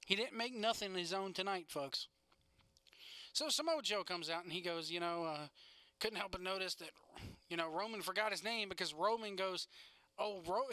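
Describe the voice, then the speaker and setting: A man's voice: high-pitched, moderate pace, sharp tone, no echo. A young man hosting a casual wrestling podcast, rambling through a recap with sarcastic asides and frequent laughs.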